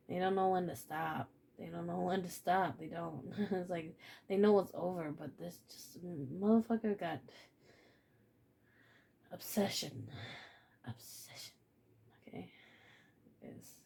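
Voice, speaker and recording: A woman's voice: fairly low pitch, a little slow, creaky, dark tone, slight background noise. A woman giving a casual spiritual reading to camera, blunt and profane, repeating phrases and laughing often. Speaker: tarot reader.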